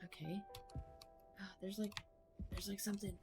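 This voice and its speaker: A woman's voice: medium pitch, level tone, normal speed, music in the background. A woman playing a video game, making casual, swearing comments to herself. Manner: casual, swearing, laughing asides. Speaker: gamer. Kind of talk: let's-play commentary.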